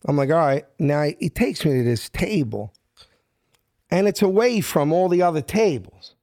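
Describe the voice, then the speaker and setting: Animated Philly man telling a tale. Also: on the high side, gravelly, dry recording, clean studio sound. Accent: Philadelphia. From South Philadelphia. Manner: acts out each character in the story, rapid street-smart talk. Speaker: guest telling a story. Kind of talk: animated storytelling.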